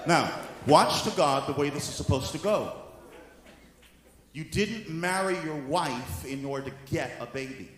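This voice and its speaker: A male apostle preaching a sermon, moving from soft teaching into shouted exhortation. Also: fairly high pitch, a little slow. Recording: echoey hall with faint room noise.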